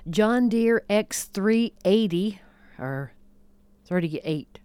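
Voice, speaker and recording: A woman's voice: medium pitch, animated, very slow, darkish tone, clear, resonant tone, no room sound. A woman co-hosting a radio show, chatting casually and reading listings with hesitant fillers. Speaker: radio co-host. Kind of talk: casual on-air chat and listings. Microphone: studio mic.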